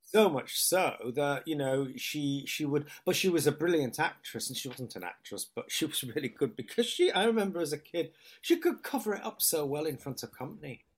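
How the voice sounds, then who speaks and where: A man's voice: on the high side, lively intonation, normal speed, husky. Chatty man in his fifties. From Hull, England. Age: 50s. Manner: rambling anecdotes, quoting others, laughing often. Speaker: actor guest. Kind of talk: chatty interview storytelling.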